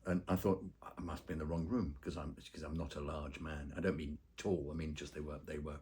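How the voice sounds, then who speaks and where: A man with a very low, deep voice tells long anecdotes in a relaxed interview. He rambles with plenty of ums and uhs and slips into the voices of the people in his stories. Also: a little fast. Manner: rambling storyteller with many fillers, acts out quoted voices. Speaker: actor and voice-over artist interviewed.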